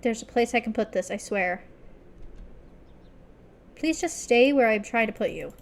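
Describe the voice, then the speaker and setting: A woman's voice: on the high side, lively intonation, a little slow, a little hiss or hum. Chatty young woman streaming a game. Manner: self-deprecating, chatty, mutters at the game. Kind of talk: casual gameplay chatter.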